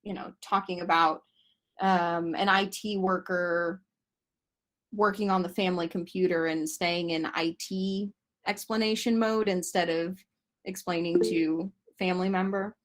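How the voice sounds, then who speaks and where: A woman's voice: fairly low pitch, steady tone, measured pace. A woman leading an online panel discussion over a video call, explaining ideas thoughtfully with frequent fillers. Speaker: discussion facilitator.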